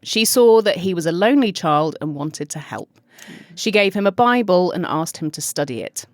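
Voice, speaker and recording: A woman's voice: on the low side, very animated, normal speed, no room sound, studio quality. A woman with a British accent hosting a true crime podcast, reading her story in a chatty, giggly way. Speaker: podcast host.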